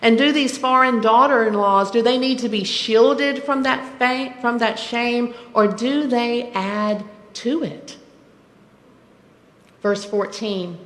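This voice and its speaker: A woman pastor delivers a sermon at an unhurried, measured pace, pausing to ask the congregation questions. Her voice rings through a church sanctuary with a long, trailing reverb. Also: on the high side, a bit bright. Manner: reflective, asks rhetorical questions.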